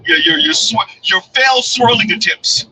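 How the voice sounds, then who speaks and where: A man's voice: extremely high pitch, normal speed, pushed and bright, husky, poor audio. Blunt mocking man talking from a car. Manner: blunt, mocking, laughs often. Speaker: commentary show host. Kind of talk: casual live commentary. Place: in a car, in transit.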